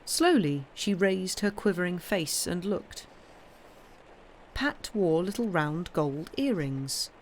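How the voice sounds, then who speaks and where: A woman reading a short story aloud on a livestream, in an expressive, measured way. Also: lowish voice, slight background noise. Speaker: story reader.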